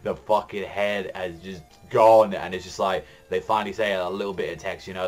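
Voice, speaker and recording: A man giving a casual, excited manga chapter review, rambling with lots of fillers and swearing. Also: sits low, moderate pace, hardly any pauses, faint music behind.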